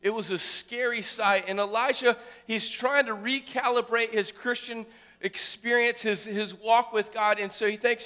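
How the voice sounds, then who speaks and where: A man preaching a sermon, building his phrases up loudly and then dropping to a hushed voice. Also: sits high, fairly even intonation, moderate pace, long reverb tail. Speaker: pastor.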